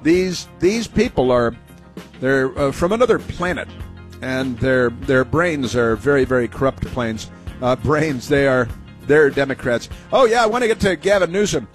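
A man hosting a talk radio show, speaking in a sarcastic, mocking way with many halting fillers. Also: medium pitch, expressive, soft background music.

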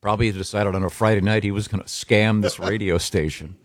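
A man's voice: on the low side, steady tone, dry recording, studio quality. A man hosting a radio show, telling a rambling story in casual chat, stopping often to find his words. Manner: rambling, halting with fillers.

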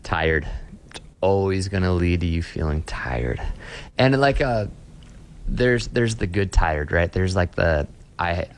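A man's voice: low voice, lively intonation, slow. A pastor talking earnestly in a casual interview, often repeating words as he restarts a thought. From Austin, Texas.

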